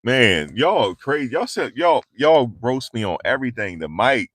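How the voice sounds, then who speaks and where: A man's voice: medium pitch, very animated, moderate pace, a bit bright, no echo. A man, chatting casually with viewers on a livestream, joking and answering comments, speaking into a handheld clip mic. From tri-state area around New York. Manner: loose, joking, reads and answers chat. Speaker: livestream host. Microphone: handheld lavalier mic.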